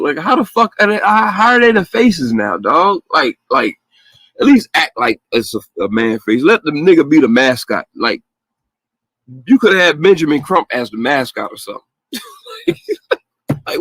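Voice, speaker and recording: A man's voice: on the high side, no room sound. Blunt, profane man ranting. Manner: blunt, profane, animated, with laughs and mocking quotes. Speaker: podcast host. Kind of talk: casual profane rant.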